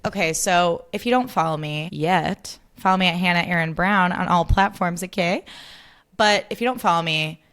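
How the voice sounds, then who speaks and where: A woman's voice: lowish voice, normal speed, fairly bright tone. Young woman host, bubbly chatty delivery, casual swearing, solo podcast chat.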